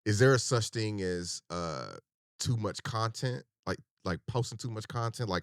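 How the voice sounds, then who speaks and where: Male co-host, very deep voice, dry sound, musing and a bit halting. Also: expressive, clean tone, no echo. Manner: thinking aloud, hesitant questions. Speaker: podcast co-host. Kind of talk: casual chat.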